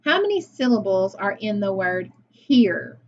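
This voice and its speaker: A woman's voice: medium pitch, sing-song, unhurried, highs cut off, slight background noise. A woman teacher leading a phonics lesson for young children, patient and praising as she sounds words out.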